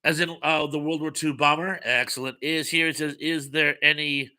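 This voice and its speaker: Chatty bright-voiced man hosting live chat. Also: on the high side, steady tone, normal speed, clean tone. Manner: chatty, reads viewer comments aloud with many fillers. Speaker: host.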